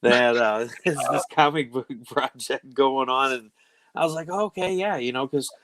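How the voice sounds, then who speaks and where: A man's voice: mid-range voice, unhurried, fairly bright tone, dry recording. A man hosting a casual chat show, rambling enthusiastically and laughing often. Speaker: show host.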